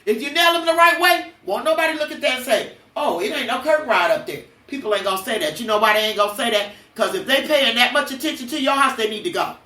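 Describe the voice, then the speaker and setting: A woman's voice: a little high, lively intonation, quick pace, few pauses, pushed and bright, far from the mic. Blunt older woman in an echoey room. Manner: blunt, preachy storytelling with cursing. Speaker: podcast host. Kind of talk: emotional personal monologue.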